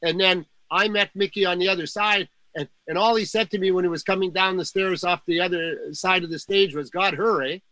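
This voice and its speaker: A man's voice: high-pitched, fairly even intonation, brisk, few pauses, bright, forceful tone, dry recording, low-quality recording. An older man telling a long backstage anecdote in casual talk, rambling with fillers and restarts. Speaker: guest storyteller.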